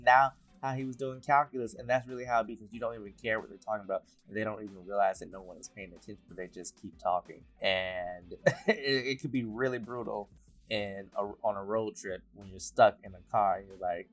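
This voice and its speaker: A man, a writer and director, speaking in a relaxed behind-the-scenes interview, laughing often as he talks. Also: fairly low pitch, fairly quick, soft background music. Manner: relaxed, laughs often, loose rambling sentences.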